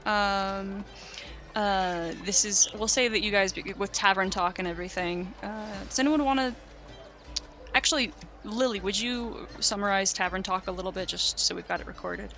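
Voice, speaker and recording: A woman's voice: medium pitch, moderate pace, a bit bright. Young woman gm'ing a tabletop game, chatty and loose, bit of music faint behind. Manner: casual, laughing, loose with fillers. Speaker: game master. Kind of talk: running a tabletop game session.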